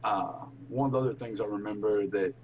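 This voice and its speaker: Man, lowish voice, earnest, rambling, casual podcast chat, faint hiss. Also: brisk, a little mellow, low-quality recording. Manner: earnest, rambling, with false starts. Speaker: podcast co-host.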